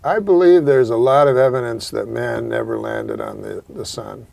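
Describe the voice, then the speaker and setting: A male host telling rambling, profane stories in a deadpan way during a casual comedy chat. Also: mid-range voice, normal speed, creaky, slight background noise.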